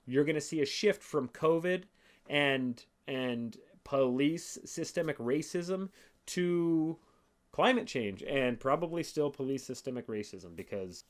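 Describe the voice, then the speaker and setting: A man hosting his own podcast, talking in a casual, profane and sarcastic monologue, reading quotes aloud slowly. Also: medium pitch. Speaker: podcast host.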